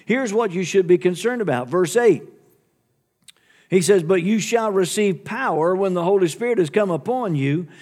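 A man's voice: sits high, a little mellow. A man preaching a sermon, reading scripture aloud and explaining it, often calling out amen and hallelujah to the congregation. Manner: reads scripture aloud and paraphrases it.

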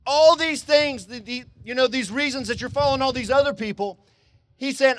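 A man with a very high voice preaches to his congregation, recorded close and dry. He swings between shouting emphasis and quiet, low-voiced passages, and repeats phrases to drive points home. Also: a little fast, no echo. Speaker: pastor. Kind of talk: sermon. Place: drive-in service.

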